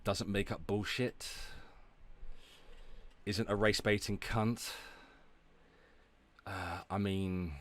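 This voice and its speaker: A man's voice: lowish voice, fairly even intonation, slow pace, long pauses, fairly bright tone. A man streaming, ranting and talking back to his chat, sweary and sarcastic. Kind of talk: ranting livestream commentary.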